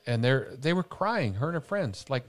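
A man's voice: medium pitch, sing-song, moderate pace. A man hosting a morning show, chatting casually and telling bemused, rambling stories. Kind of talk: casual chat.

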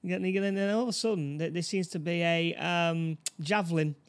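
Man, casual film chat, questioning, halting delivery. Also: fairly high pitch, steady tone. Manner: puzzled, questioning, hesitant restarts. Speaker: film discussion co-host.

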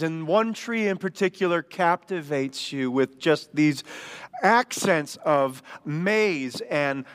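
A man's voice: fairly high pitch, a bit bright, clear, resonant tone. A man from Michigan, a guest pastor, giving a sermon in a loose, conversational, storytelling way with frequent fillers. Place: church service in a gym.

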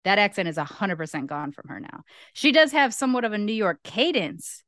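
A woman's voice: medium pitch, big pitch swings, fairly quick, a bit bright, no echo, studio quality. A woman guest on a casual podcast, giving firm, emphatic opinions in a chatty way.

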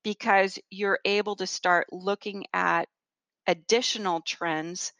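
A woman's voice: medium pitch, slow, no room sound. A woman guest in a conversational interview, telling stories earnestly with some fillers and restarts. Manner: earnest, animated storytelling with fillers. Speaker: guest, rare disease research leader.

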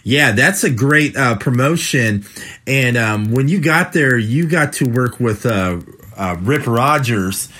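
A man's voice: medium pitch, expressive, slow, pushed and bright. A male interviewer who asks his guest questions with plenty of ums and uhs. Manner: hesitant, many fillers. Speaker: interviewer, host. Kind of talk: podcast interview.

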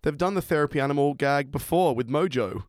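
A man, a podcast guest who jokes dryly and slows down to lay out his views. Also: a little high, no room sound, studio quality. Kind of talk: casual review chat.

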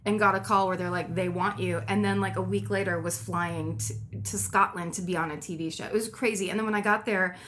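A woman chatting as a podcast guest, animated and quick to laugh, exaggerating her stories for effect. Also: mid-range voice, a little hiss or hum. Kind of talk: casual chat.

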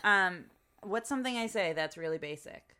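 A young American woman co-hosting a podcast, chatting casually in a teasing, animated way. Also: medium pitch, normal speed, clear, resonant tone. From United States. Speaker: podcast co-host. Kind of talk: casual chat.

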